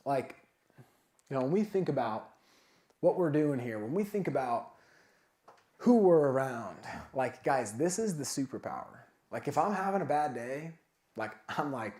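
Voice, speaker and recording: A man giving a casual, energetic motivational talk at a sales summit, full of filler words like "like" and "man". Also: mid-range voice, normal speed. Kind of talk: motivational talk to a live audience. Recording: echoey event room.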